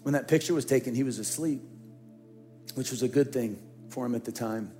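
A man's voice: medium pitch, fairly quick, mellow, faint music behind. A middle-aged man, a senior pastor, preaching a sermon and telling a personal story earnestly, often repeating phrases.

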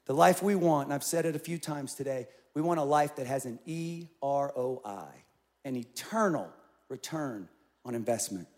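A middle-aged male pastor preaching a sermon, telling a story with lively acted-out quotes. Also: medium pitch, moderate pace. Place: large church auditorium.

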